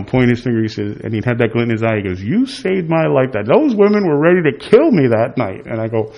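A man casually telling a long anecdote, acting out the quoted lines of others and trailing off softly at times. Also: lowish voice, rough recording. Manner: animated storytelling with quoted voices, trailing off softly. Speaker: storyteller recalling a work event.

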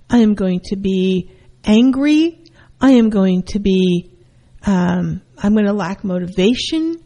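A middle-aged woman giving an informal lesson on counseling, telling personal stories in a lively way. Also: on the high side. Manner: animated, acts out her mother's voice. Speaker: counselor teaching a class.

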